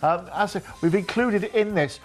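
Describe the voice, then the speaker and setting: A man's voice: high voice, moderate pace. A man presenting cruise deals on a TV shopping channel, chatty and enthusiastic with folksy asides. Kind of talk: TV shopping sales pitch.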